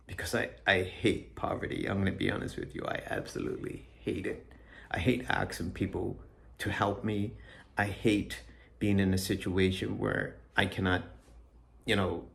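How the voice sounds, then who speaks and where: A middle-aged man giving a personal religious testimony, earnest and halting, with frequent restarts. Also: sits low, gravelly. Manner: reads scripture aloud. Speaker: Christian speaker giving his testimony. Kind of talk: personal testimony, reflective talk.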